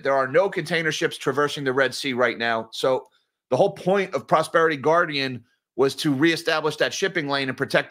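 A man's voice: a little high, sharp tone. A man commenting on finance and market news for viewers, reading headlines and adding sarcastic asides. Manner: sarcastic, informal, addresses viewers as guys.

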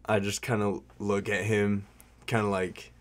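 A man's voice: fairly low pitch, flat delivery, unhurried. A young man telling a story in a casual vlog, rambling and slangy, full of "like" and "bro", swearing freely.

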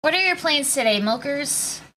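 A woman's voice: high voice, lively intonation, moderate pace, pushed and bright. A woman streamer chatting casually with her live viewers, greeting them by name in playful slang. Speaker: Twitch streamer.

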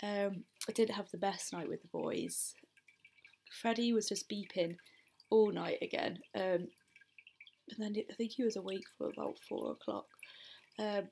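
A woman's voice: medium pitch, fairly even intonation, normal speed, creaky, a little mellow, slight background noise, low-quality recording. A woman, a parent chatting candidly and rambling in a casual home vlog, recorded indoors on a handheld camera. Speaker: parent vlogger.

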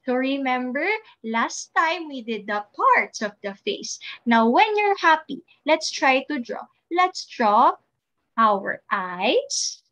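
A woman teaching a recorded preschool class, speaking in a slow, sing-song voice with rising questions to small children. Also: sits high, sing-song, fairly bright tone.

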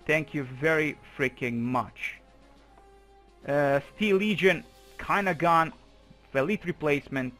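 A man's voice: on the high side, slow, pauses often, sharp tone, soft background music. A young man giving profane, exasperated running commentary while playing a strategy game. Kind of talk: let's play commentary.

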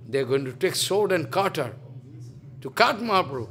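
Animated high-voiced preacher. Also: male voice, moderate pace. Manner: animated, dramatic retelling in broken English. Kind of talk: sermon storytelling.

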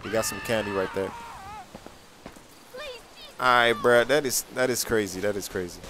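A young man giving casual, excitable game commentary, full of slang and repeated reactions. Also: on the low side, normal speed, slight background noise. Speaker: gameplay commentator.

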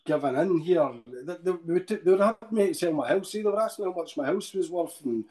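Speaking in a high, slightly mellow voice, a man from Scotland gives a personal account of his ordeal as a guest on a podcast. The telling is emotional, full of halting restarts, with "eh?" frequently closing his sentences.

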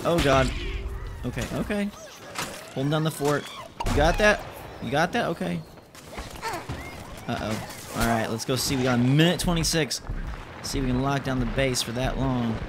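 A young man giving excitable let's-play commentary as a gaming channel host, exclaiming and repeating himself. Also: mid-range voice. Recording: noticeable background noise.

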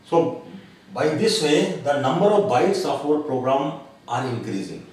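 Slow, deliberate male lecturer in an echoey room. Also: medium pitch, lively intonation, darkish tone. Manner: slow, deliberate explaining with frequent pauses and uh fillers. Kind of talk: recorded classroom lecture. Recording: very echoey room, voice from a distance, faint background noise.

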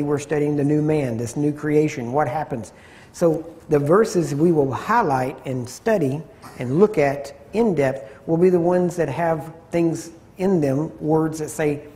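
A man teaching a Bible study session in a conversational way, often repeating phrases for emphasis and clearing his throat. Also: a little high, dark tone.

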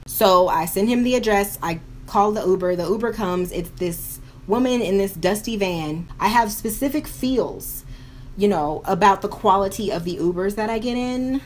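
A woman's voice: medium pitch, moderate pace, a little hiss or hum. A young woman vlogging at home while doing her makeup, telling a story with lots of drama, slang and quoted voices, recorded on a camera mic. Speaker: beauty vlogger.

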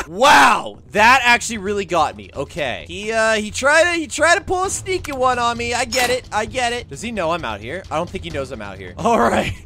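A young man giving excited gameplay commentary, yelping, laughing and narrating his moves as he plays. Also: sits high, moderate pace. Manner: animated, yelps and laughs often. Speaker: gaming YouTuber.

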